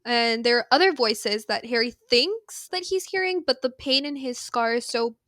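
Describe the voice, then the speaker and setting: A woman co-hosting a podcast, casually retelling a book's chapters with slangy asides and quick impressions. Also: on the high side, fairly bright tone, no echo, studio quality. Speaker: podcast co-host. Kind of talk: casual book recap chat.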